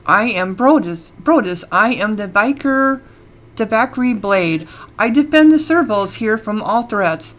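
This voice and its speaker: A woman's voice: mid-range voice, expressive, a little slow, fairly bright tone. A woman reading a proud serval warrior. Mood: earnest. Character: proud muscular female serval guard.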